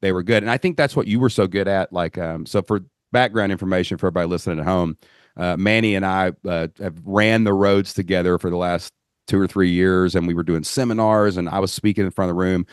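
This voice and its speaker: A man from Southeast Kentucky with a Southern accent, hosting a podcast and telling stories in a folksy, animated way. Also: sits low, quick pace, clear, resonant tone, no room sound, studio quality. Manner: animated storyteller, folksy phrasing. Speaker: podcast host. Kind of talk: casual interview chat.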